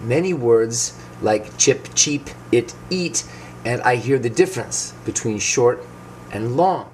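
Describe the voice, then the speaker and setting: A man teaching English pronunciation at an unhurried, deliberate pace, his voice sitting in a middle register. He draws out the vowels and tells little stories about students to make each point. A faint hum sits behind him. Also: medium pitch, lively intonation, a little mellow. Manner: tells anecdotes, acts out quoted people. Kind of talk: slow, clear teaching explanation.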